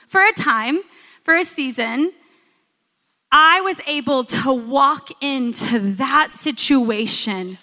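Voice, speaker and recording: A woman in her thirties preaches with a high, bright voice that stands out clearly. She tells stories with a lot of expression and pushes her voice up when she wants to stress a point. Her voice rings out with the long reverb of a large hall. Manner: storytelling, expressive, rising for emphasis. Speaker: guest speaker. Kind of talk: sermon.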